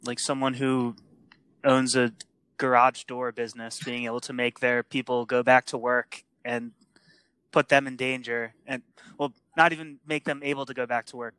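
Young man with a crisp, bright voice. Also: mid-range voice, flat delivery, moderate pace, no room sound. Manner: blunt, opinionated, laughs often. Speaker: podcast co-host. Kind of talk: casual podcast chat.

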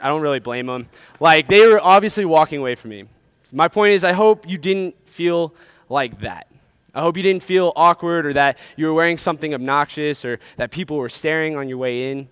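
A man's voice: fairly high pitch, a bit bright, clear, resonant tone, no room sound. A young man giving a sermon to college students, telling a story with frequent "right?" asides. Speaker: campus ministry speaker.

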